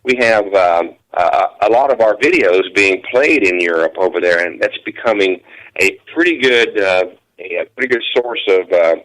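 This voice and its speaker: A man's voice: deep voice, expressive, normal speed, fairly bright tone, poor audio. A man, a country musician and guest, talking in an easygoing, folksy way. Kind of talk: casual interview chat.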